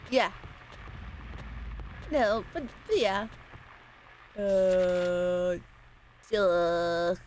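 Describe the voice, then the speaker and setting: Playful woman streamer, noisy background. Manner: playful, rambling, teasing chat, sudden squeaky yells. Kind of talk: casual gaming livestream chat.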